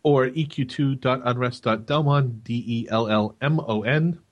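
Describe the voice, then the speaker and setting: A man's voice: mid-range voice, fairly even intonation, moderate pace, muffled recording. A man co-hosting a gaming podcast, teasing his co-host in casual banter with chuckles.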